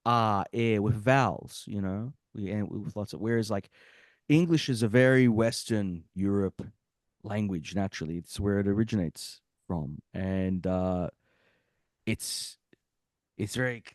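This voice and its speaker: A man's voice: fairly low pitch, unhurried, dry recording, studio quality. A young man from Australia and Bosnia, with a mixed Australian and Bosnian accent, chatting as a guest musician and rambling, often checking that he makes sense. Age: young adult. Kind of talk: casual interview chat.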